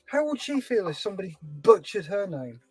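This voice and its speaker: Chatty guy, fairly high voice, telling stories while he works on a model kit. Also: a little fast, breathy edge, no room sound, poor audio. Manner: chatty storyteller, animated voices in anecdotes. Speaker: scale-model livestream host. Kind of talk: casual chat while building a model.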